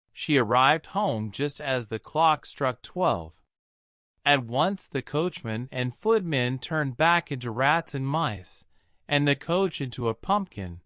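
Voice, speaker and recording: A man narrating a fairy tale in an expressive storybook style. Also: medium pitch, dry recording, clean studio sound. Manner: expressive, lilting delivery.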